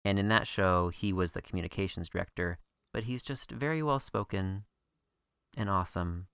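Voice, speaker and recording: A man's voice: low-pitched, normal speed, vocal fry, a bit bright, smooth, dry recording, studio quality. A man co-hosting a podcast, chatting wryly and casually about a TV episode. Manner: chatty and wry. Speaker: podcast co-host. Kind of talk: casual TV recap chat.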